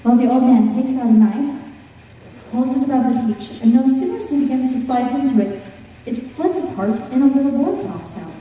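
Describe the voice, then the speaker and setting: Woman storyteller, playful asides to the crowd, dark mellow voice, far off in a big echoey hall. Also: high-pitched, normal speed. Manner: playful, teasing asides to the audience. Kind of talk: live storytelling to an audience.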